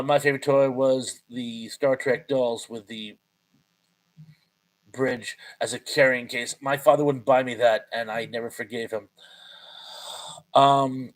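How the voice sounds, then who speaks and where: A man's voice: medium pitch, low-quality recording. A man in his fifties hosting a live stream in a casual, chatty way, reading viewer comments aloud and laughing often. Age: 50s.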